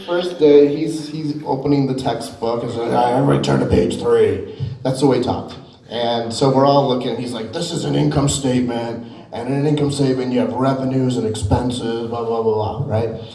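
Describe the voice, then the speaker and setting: A man's voice: mid-range voice, warm tone, slight background noise. A middle-aged man giving a keynote speech, chatty and self-deprecating, telling stories with lots of asides. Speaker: keynote speaker. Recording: echoey hall, mic at a distance.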